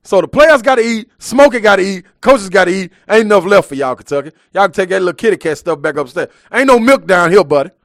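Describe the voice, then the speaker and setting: A man's voice: sits high, fast talker, few pauses, no room sound, studio quality. A man hosting a live sports talk show, ranting emphatically in heavy slang.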